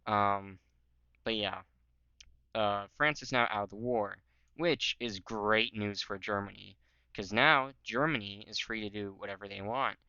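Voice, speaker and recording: A man's voice: fairly low pitch, unhurried, sharp tone, clean tone, no echo, muffled recording. A man talking casually over a history map, rambling with many "um"s and "like"s and goofy jokes. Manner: rambling, filler-heavy, joking. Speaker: history channel host.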